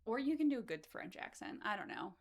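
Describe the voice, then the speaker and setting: This charity speedrun marathon host speaks fast in a medium-pitched voice with big pitch swings and vocal fry. Her casual chatter is bubbly and playful, punctuated by frequent giggles.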